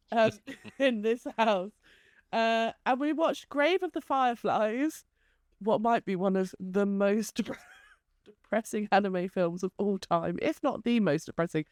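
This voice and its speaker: A woman's voice: mid-range voice, takes it slowly, a little mellow, no room sound, clean studio sound. A woman co-hosting a casual chat, talking freely and laughing often. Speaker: podcast co-host.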